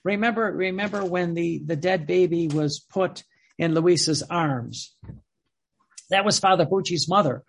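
A man's voice: sits high, unhurried, creaky. A man preaching a sermon in a fervent way, repeating words and phrases for emphasis.

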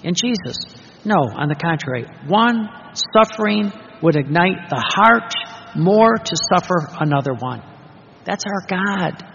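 A man's voice: high voice, animated, unhurried, gravelly, a bit bright, slight background noise. A man preaching a sermon, emphatic and full of rhetorical questions. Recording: dull reverberant hall recording.

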